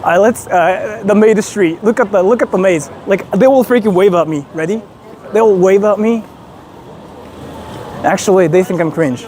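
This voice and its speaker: A young man from Japan chatting casually on a livestream as he walks through city streets. He is excitable, swears a lot and bursts into shouts. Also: sits high, normal speed. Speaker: streamer. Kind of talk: casual livestream chat while walking. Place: busy city street outdoors. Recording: street noise behind.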